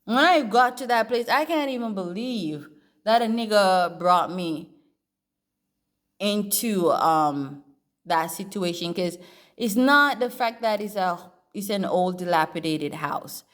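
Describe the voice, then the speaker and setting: A woman's voice: medium pitch, expressive, slow. A woman talking candidly to camera in a blunt, profane and emotional personal monologue. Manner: earnest, emotional storytelling.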